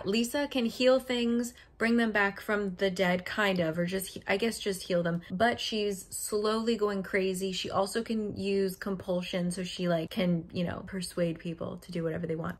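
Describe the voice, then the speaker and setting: A woman's voice: medium pitch, husky. A young woman chatting casually in a book vlog, frank and exasperated, with lots of filler words. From living in Korea. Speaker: book vlogger. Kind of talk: casual reading vlog chat.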